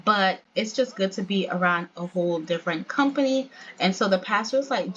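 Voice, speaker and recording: Chatty woman hosting a let's play, mid-pitched voice, slightly muffled home recording. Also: a little fast, a bit bright. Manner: chatty, keeps addressing viewers as "y'all". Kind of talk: casual gameplay narration.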